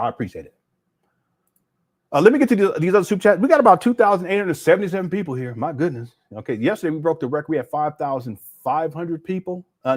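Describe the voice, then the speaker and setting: Man, livestream host, slightly high voice, lively swinging pitch, incredulous. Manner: animated, incredulous, talks to chat, frequent fillers. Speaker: livestream host reading super chats. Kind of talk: casual livestream commentary.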